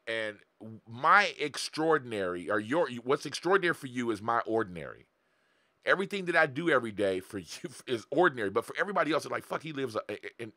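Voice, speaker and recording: A man's voice: medium pitch, sharp tone, no echo, studio quality. A man in his forties talking bluntly and profanely on a live stream, coaching his viewers and laughing often. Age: 40s. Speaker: online marketing coach. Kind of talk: live-streamed motivational talk.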